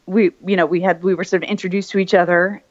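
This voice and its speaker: A woman's voice: on the low side, little pitch movement, fast talker. A woman voice actor chatting as an interview guest, rambling with many fillers and restarts. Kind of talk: casual interview chat. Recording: slightly muffled lo-fi audio.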